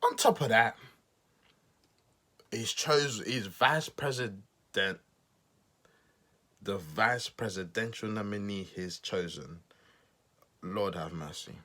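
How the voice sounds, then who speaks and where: A man with a low-pitched but bright, forceful voice hosts his own podcast. He talks through his views casually and loosely, trips over words and restarts sentences often. Now and then he pokes fun at himself. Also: slow, pauses often. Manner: rambling, with frequent restarts and stumbles; self-deprecating asides. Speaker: podcast host. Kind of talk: casual political commentary monologue.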